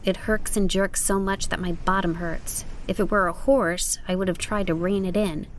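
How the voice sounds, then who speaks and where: A woman voicing a spirited, proud teenage witch girl in an audiobook, with a lively, emphatic manner. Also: mid-range voice, normal speed, a little hiss or hum, natural voice. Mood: upset. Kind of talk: audiobook character voice.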